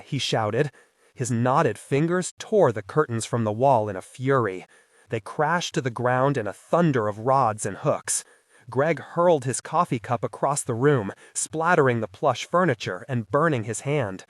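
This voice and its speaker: A man narrating a thriller audiobook with a dramatic, expressive delivery. His pitch moves a lot across each line, and the recording is dry and close with no room echo. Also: a little slow.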